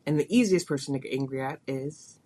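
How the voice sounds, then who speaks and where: A woman's voice: extremely low pitch, fast talker, warm tone. A woman hosting a podcast, telling a personal story in a confessional, emotional way, her voice rising and falling with feeling. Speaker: podcast host.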